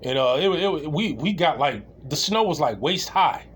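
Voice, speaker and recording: Rambling man with a lively voice. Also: on the high side, normal speed, breathy edge. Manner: rambling, full of restarts and laughter. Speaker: storyteller. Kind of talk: casual comedic anecdote.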